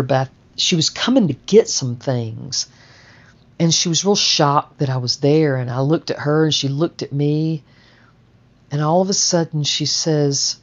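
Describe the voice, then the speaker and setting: Low-voiced woman telling her life story. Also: darkish tone, highs cut off. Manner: rambling, conversational, full of "and so" and "you know". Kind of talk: personal memoir storytelling.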